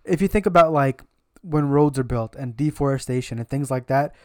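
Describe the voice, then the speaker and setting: A woman's voice: very deep voice, fairly quick, no echo, clean studio sound. Swearing, jokey New woman. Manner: jokey, swears freely, slips into put-on street voices. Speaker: co-host. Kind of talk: casual chat.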